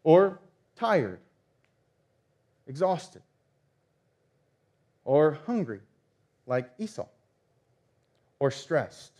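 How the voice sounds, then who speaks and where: Male pastor, thirties, slightly high voice, animated storyteller who acts out quotes. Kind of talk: sermon.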